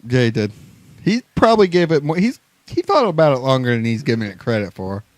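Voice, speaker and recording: A man's voice: medium pitch, sing-song, quick pace, no echo. A man co-hosting a podcast in casual chat, teasing his friends with dry banter. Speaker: podcast co-host.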